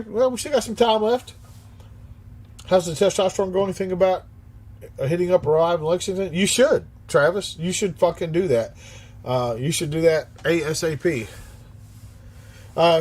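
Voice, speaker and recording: A man in his fifties with a fairly high-pitched voice hosts a casual livestream. He reads the chat aloud and answers bluntly, swearing freely. His delivery is animated and often quick. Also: slightly rough. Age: 50s. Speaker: livestream host reading chat.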